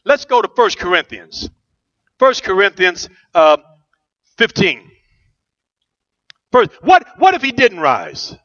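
A man's voice: high-pitched, wildly swooping pitch, slow pace, long pauses, pushed and bright, muffled recording. A middle-aged man preaching a rousing sermon as pastor, asking the church questions and answering them.

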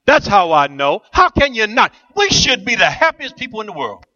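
A man's voice: high voice, very animated, moderate pace, sharp tone, lo-fi sound. A middle-aged man preaching a rousing sermon as pastor, asking the church questions and answering them.

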